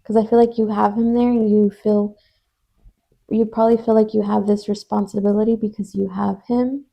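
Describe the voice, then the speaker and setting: A woman with a dark, gravelly voice speaks on one steady, even pitch. She reassures her co-host gently in casual podcast talk. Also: moderate pace. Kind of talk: casual supportive chat.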